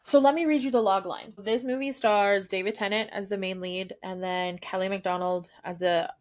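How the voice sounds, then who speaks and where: A woman co-hosting a podcast, chatting casually about a movie with lively jumps in pitch for emphasis. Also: moderate pace. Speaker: podcast co-host.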